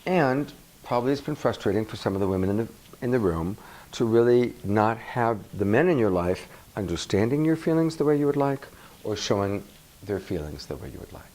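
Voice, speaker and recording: A man's voice: fairly low pitch, brisk, low-quality recording. A male relationship coach giving a workshop talk to a live audience, asking the room questions and acting out examples. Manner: animated, asks the audience questions, acts out examples.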